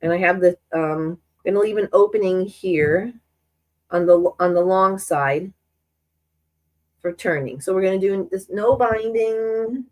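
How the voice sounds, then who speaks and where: A woman's voice: on the low side, unhurried, pauses often, darkish tone, low-quality recording. Chatty woman, stuffy with a cold. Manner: chatty and rambling, many restarts. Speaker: sewing channel host. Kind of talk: casual chat while sewing on a live stream.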